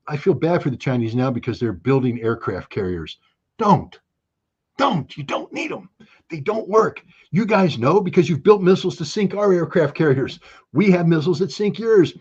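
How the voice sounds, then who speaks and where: An older man gives an interview in an animated, sarcastic manner and restarts his sentences often. His voice is husky and pitched a little above most men's. The recording sounds dull and lo-fi. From United States. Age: 60s. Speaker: interview guest. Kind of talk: opinionated interview talk.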